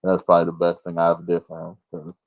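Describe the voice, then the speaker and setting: A man's voice: fast talker, vocal fry, no room sound. A man in a casual podcast chat, telling a story with lots of energy and acting out the voices of the people in it, often laughing. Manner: animated storyteller, acts out quotes in a high voice, laughs often. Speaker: wrestler guest. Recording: dry, phone-like audio.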